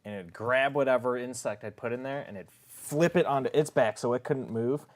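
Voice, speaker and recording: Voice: mid-range voice, fairly quick. A player in a tabletop role-playing game, telling a casual side story in a laid-back way.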